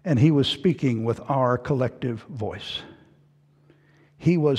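A man preaching a sermon, moving between hushed, low passages and loud, raised passages. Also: slow pace, pauses often, breathy edge. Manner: dramatic swings from hushed to loud. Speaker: pastor. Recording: hall reverb.

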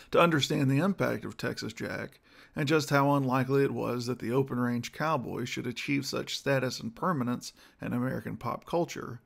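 A man delivering a scripted history lecture in a measured, rhetorical way, posing questions to his listeners. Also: medium pitch, creaky. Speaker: speaker giving a history talk.

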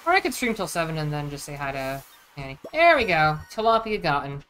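A woman's voice: low-pitched, sing-song, brisk, a bit bright. A woman streamer chatting casually and thinking aloud as she plays a game. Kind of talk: casual gameplay chat.

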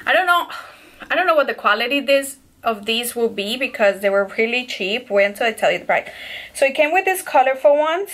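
A young beauty and lifestyle vlogger, a little breathless, gushes to viewers at home about products she bought, calling them "you guys." Her voice is fairly high, animated, a bit bright and a little fast in this casual haul chat.

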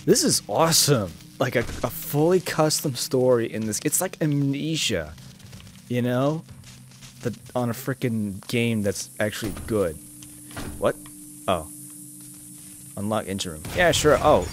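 A man casually commenting on his gameplay, joking and swearing and reacting loudly to scares. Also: mid-range voice. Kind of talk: casual let's-play commentary.

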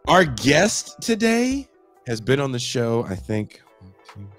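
A man's voice: medium pitch, sing-song, takes it slowly, a bit bright, faint music behind. A man hosting a podcast over a video call, joking and teasing in casual chat, sounding a bit congested. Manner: playful, teasing, laughs often. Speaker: podcast host.

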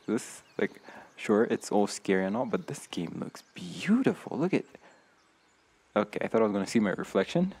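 A man's voice: on the low side, very animated, normal speed, a little mellow, husky. Jumpy young man narrating his gameplay. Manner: jumpy, nervous, talks to himself with frequent laughs and gasps. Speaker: gamer streamer. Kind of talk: let's play commentary.

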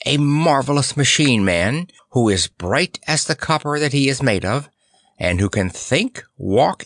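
A man narrating a children's fantasy book in an expressive reading style. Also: mid-range voice, dry recording, studio quality. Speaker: audiobook narrator. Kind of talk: storybook narration.

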